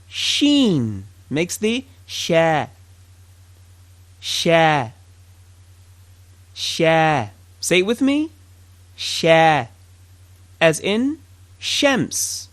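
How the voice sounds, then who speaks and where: A man gives a slow, patient pronunciation lesson, repeating each sound so learners can copy him. His pitch moves a lot as he models sounds. The recording is dry and close. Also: no echo. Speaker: Arabic teacher. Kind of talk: slow language lesson with drills.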